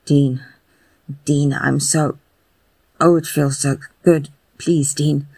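Earnest, quietly intense adult man, read by the narrator; soft, dark, flat. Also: medium pitch, slow pace, no echo. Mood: earnest, breathy.

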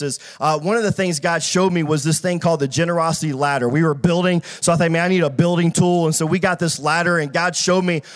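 A man, a pastor, preaching a sermon and telling humorous stories, calling out to his audience and talking fast with many restarts. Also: fairly high pitch. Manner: humorous storytelling with audience call-outs; fast, filler-heavy delivery with frequent restarts.

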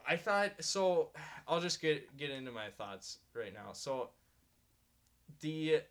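A man's voice: fairly high pitch, very animated, takes it slowly, a bit bright, clear, resonant tone. A man co-hosting a podcast, chatting casually and rambling with many fillers and frequent laughs. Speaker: podcast co-host. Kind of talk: casual chat.

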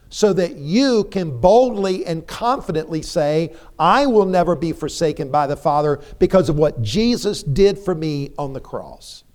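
A preacher with a somewhat higher-than-typical male voice and a darkish tone gives an animated sermon in a church sanctuary. He goes slowly and deliberately, hammering points with repeated phrases and rhetorical questions while his intensity rises and falls.

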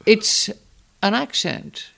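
An older woman from the Northeast of England with a Northern educated English accent, speaking in an articulate, emphatic, measured way as an interview guest. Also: a bit bright. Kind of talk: reflective interview talk.

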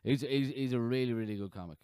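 A man in his thirties hosting a podcast in casual chat, rambling and halting with frequent restarts. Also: mid-range voice, mellow, smooth, no room sound. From Ireland. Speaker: podcast host.

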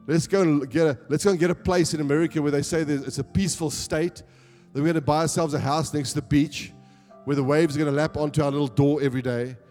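A South African pastor preaches to his congregation, his fairly high voice swelling into emphatic calls for an amen. The sound carries the long reverb of a church hall, with faint music underneath. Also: steady tone, quick pace, darkish tone. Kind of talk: sermon.

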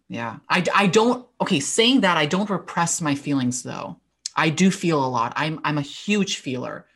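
A man in casual chat who talks in quick bursts and trips over his words, repeating his starts. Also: mid-range voice, a bit bright.

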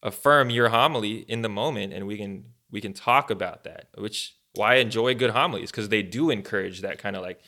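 A man's voice: on the low side, a little fast, hardly any pauses. A man co-hosting a podcast, talking casually about faith and prayer with many fillers and restarts. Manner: rambling, animated, many fillers. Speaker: podcast co-host.

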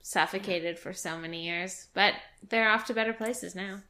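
A woman's voice: medium pitch, normal speed. A woman co-hosting a podcast, chatting casually and joking. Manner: lively, joking. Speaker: podcast co-host. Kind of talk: casual chat.

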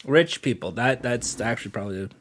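A man's voice: mid-range voice, fairly quick, fairly bright tone, slightly rough. A man hosting a casual comedy podcast, putting questions to his co-hosts in a mock-formal way. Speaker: podcast host.

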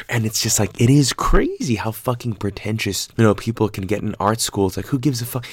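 Casting: deep-voiced man, rambling profane storyteller, dry close mic. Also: a little fast, hardly any pauses, breathy edge, no room sound. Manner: rambling, profane, animated retelling with quoted voices. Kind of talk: casual storytelling.

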